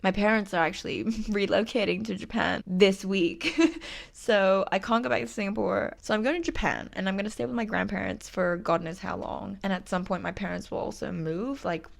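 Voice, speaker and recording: A woman's voice: medium pitch, fairly even intonation, moderate pace, vocal fry. A woman in her twenties telling a personal story as a casual vlog, chatty and full of fillers, speaking with a lisp from a missing tooth. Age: 20s. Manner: chatty, frequent "like" fillers, self-deprecating. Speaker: vlogger.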